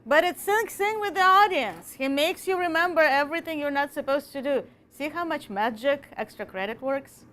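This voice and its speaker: High-voiced woman lecturing a writing class. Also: expressive, a bit bright. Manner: emphatic, slows down to stress key words. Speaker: college writing instructor.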